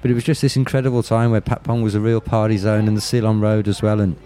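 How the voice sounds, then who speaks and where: A man's voice: lowish voice, flat delivery, quick pace, warm tone. A man with a Birmingham accent, telling candid stories in an interview with blunt, profane talk and frequent restarts. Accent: Birmingham English. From Birmingham, England. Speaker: interview guest. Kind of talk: candid storytelling.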